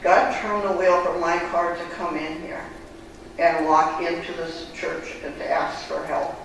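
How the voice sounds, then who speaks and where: A woman giving a heartfelt personal testimony at church, in halting, storytelling speech. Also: fairly low pitch, steady tone, vocal fry. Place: church sanctuary. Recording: echoey church hall, distant mic, background noise.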